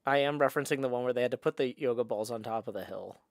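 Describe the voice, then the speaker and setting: Talking rapid-fire in a mid-range voice, a middle-aged man live streams from his apartment room, casually rambling, mocking himself and reading chat aloud. The recording from his desk microphone is dry.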